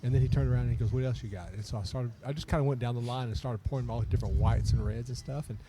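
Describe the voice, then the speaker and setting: A man hosting a podcast, telling stories in a relaxed, chatty way and laughing often. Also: mid-range voice, rapid-fire, noisy background. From Texas. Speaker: podcast host. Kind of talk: casual chat.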